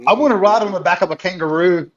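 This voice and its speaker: A man from North Carolina rambles and jokes in a loose group chat. His voice sits high for a man. The sound is dull and lo-fi, as on an online call. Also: fast talker, a crowd in the background. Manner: joking, rambling storyteller. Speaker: guest coffee streamer. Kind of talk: casual group video chat.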